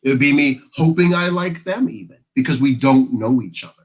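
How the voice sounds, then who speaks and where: A man's voice: medium pitch, lively intonation, brisk, low-quality recording. An American man on a discussion panel, talking casually and emphatically, telling stories to make his points. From United States. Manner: storytelling, emphatic.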